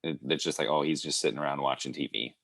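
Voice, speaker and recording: A young man, a podcast guest, chatting in a relaxed, laid-back way. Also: extremely low pitch, quick pace, creaky, dry recording. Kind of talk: casual chat.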